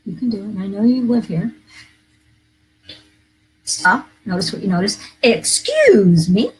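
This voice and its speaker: A woman's voice: mid-range voice, normal speed, breathy edge, rough recording. A woman minister hosting a live inspirational talk, earnest and coaching, repeating key phrases to her viewers. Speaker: minister and live show host.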